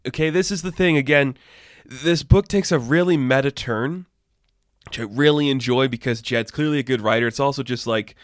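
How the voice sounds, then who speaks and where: Man, casual comic review, excited, swears a lot, dry close sound. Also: medium pitch, normal speed, no echo.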